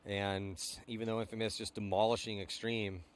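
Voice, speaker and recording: A man's voice: fairly low pitch, flat delivery, normal speed, a little hiss or hum. A man giving casual, chatty color commentary on a live match.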